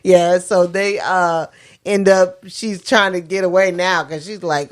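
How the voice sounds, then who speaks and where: A woman in a casual movie review chat, lively and teasing, laughing often. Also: lowish voice, normal speed. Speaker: podcast co-host.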